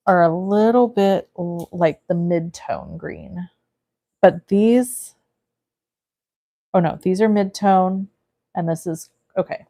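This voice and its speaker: Slow and dark-toned, a lowish female voice belongs to a California-based crafting streamer. She makes cards live, chatting casually, thinking out loud, and reading viewer comments.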